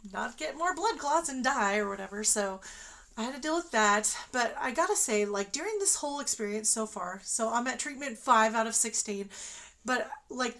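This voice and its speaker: On a livestream, a woman whose voice is a little high and a bit bright shares a personal story casually. Her telling wanders, peppered with fillers and false starts.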